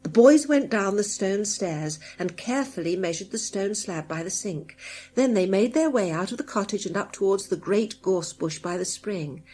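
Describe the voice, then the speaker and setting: A woman's voice: mid-range voice, animated, normal speed, a little mellow, a little hiss or hum. Woman reading a children's audiobook. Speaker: audiobook narrator. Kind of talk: scripted audiobook narration.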